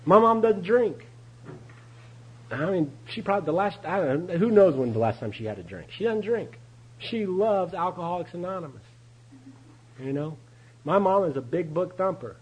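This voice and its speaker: A man's voice: high voice, expressive, normal speed, long pauses, darkish tone, slightly rough, highs cut off. A man speaking at a recovery meeting, giving a candid personal testimony, storytelling and chuckling often.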